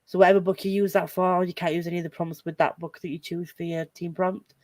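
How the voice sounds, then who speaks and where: A woman's voice: lowish voice, level tone, fast, darkish tone, no echo, clean studio sound. A woman hosting a casual group livestream, chatty and rambling, laughing often. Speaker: host of a reading livestream.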